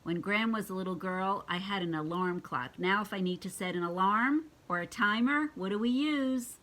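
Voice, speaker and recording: An older woman reading picture books aloud to her grandchildren, gentle and expressive, asking them questions as she goes. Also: medium pitch, moderate pace. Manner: gentle and expressive, asking the children questions and acting out animal sounds.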